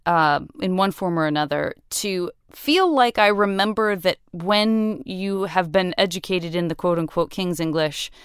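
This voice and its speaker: A woman hosting a podcast, asking animated, rambling questions in casual chat. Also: on the low side, measured pace, hardly any pauses, clear, resonant tone, dry recording, studio quality. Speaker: podcast host.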